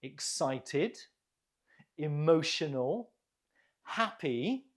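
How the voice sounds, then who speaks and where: An English teacher runs an online vocabulary lesson at an unhurried, very slow pace, giving each word and each bit of praise plenty of room. The voice swings widely in pitch and sounds animated. Each word gets drilled with deliberate stress, followed by encouraging praise.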